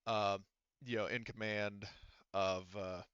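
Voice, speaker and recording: Rambling, low-voiced game master. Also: male voice, flat delivery, takes it slowly, a bit bright, smooth, dry recording, lo-fi sound. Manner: rambling, full of fillers and restarts. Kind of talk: narrating a tabletop game.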